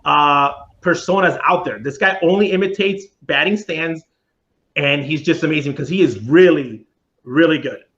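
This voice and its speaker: A man's voice: on the high side, normal speed, a bit bright. A man co-hosting a casual panel show, talking enthusiastically over a dull, lo-fi remote line. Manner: enthusiastic, recommending. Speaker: co-host.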